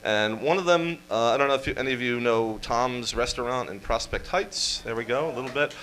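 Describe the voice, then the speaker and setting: Wry deadpan man. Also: mid-range voice, rough recording. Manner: wry, deadpan asides with quick jokes. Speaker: storyteller presenter. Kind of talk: comic history talk to a live audience. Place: event room with live audience.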